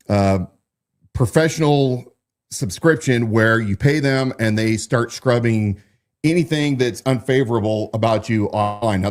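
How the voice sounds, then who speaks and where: Man, host, political commentary, mid-pitched voice, unscripted, halting restarts. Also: a little mellow. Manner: restarts and fillers, stumbles over explanations.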